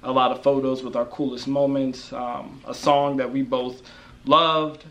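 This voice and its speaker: A man casually telling a story in a relaxed, easygoing way. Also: medium pitch, unhurried. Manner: relaxed, easygoing, full of fillers.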